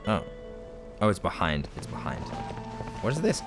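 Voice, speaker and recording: A man's voice: low-pitched, wildly swooping pitch, normal speed. A man hosting a let's play, giving rambling, jokey gameplay commentary and laughing often. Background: game music.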